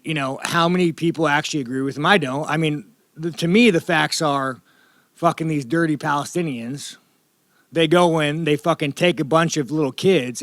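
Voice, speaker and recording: Fighter dude in his 30s swearing and rambling to reporters, kinda high voice, dry close mic. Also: a bit bright, no room sound. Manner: profane, rambling, provocative. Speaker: fighter at media day. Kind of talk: media scrum interview.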